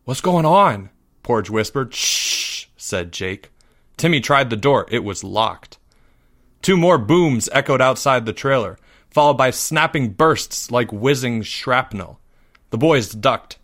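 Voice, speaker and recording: A man narrates a suspenseful story in a measured, even voice. His pitch sits in the middle range for a man, neither deep nor high.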